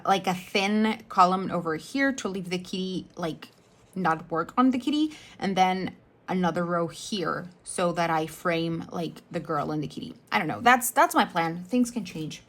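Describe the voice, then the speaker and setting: A young adult woman chatting casually while she works on a diamond painting, rambling and correcting herself as she goes. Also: fairly low pitch. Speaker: diamond painting channel host. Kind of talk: casual chat while crafting.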